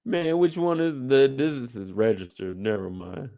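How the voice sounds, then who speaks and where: A man's voice: very animated, unhurried, creaky, dark tone, dry recording. Slangy joking young man, dry close sound. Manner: loose and joking, slangy, breaks into high falsetto singing. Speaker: streamer host. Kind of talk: casual live-stream chat.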